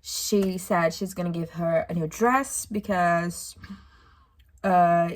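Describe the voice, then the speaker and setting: Exasperated young woman ranting, slow-paced. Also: lowish voice, fairly even intonation. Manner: exasperated, ranting with frequent sighs and swearing. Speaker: book reviewer. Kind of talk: casual book-reading reaction vlog.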